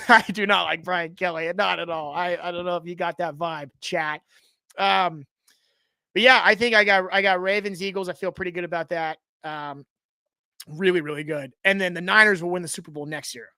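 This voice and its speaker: A man hosting a live sports talk stream, with a bright, cutting edge to his voice. He talks in loose, rambling runs, full of sarcasm and restarts. The sound is close and dry, with no room in it. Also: high-pitched, fairly even intonation, moderate pace, dry recording. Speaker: sports talk show host.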